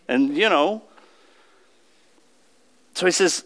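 A man's voice: on the high side, animated, a little slow, pauses often, fairly bright tone. A man preaching a sermon in a conversational way, often asking the congregation questions.

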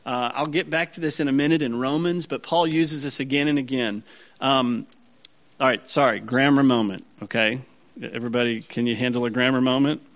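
A man's voice: mid-range voice, fairly even intonation, fairly quick, a bit bright. Preacher man, muffled recording. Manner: checks in with the audience often, asking if they follow. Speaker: pastor. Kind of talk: sermon teaching. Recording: slightly dull lo-fi sound.

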